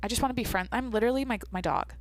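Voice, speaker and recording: A woman's voice: fairly high pitch, racing, no echo. Rambling woman on a dry podcast mic. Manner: rambling, swears casually, talks to herself. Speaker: podcast host. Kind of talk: casual solo podcast chat.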